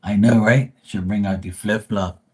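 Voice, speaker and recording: A man hosts a live stream in loose, casual chat, telling family stories with swearing and a rambling flow. His voice sits low and has a husky edge. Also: steady tone, moderate pace. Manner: rambling, profane storyteller.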